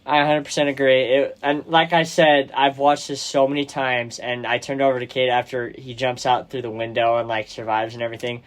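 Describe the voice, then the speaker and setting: A young man hosting a podcast, retelling movie scenes casually and excitedly, with slang and lots of "like". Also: medium pitch, fairly quick, few pauses. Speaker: podcast host. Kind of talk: casual chat about a movie.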